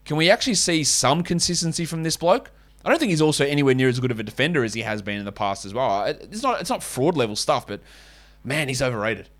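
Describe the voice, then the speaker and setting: A man's voice: mid-range voice, lively intonation, fast talker, a bit bright. Blunt Australian man hosting a podcast. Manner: blunt, opinionated, swears casually. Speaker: fantasy basketball podcast host. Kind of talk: casual solo podcast chat.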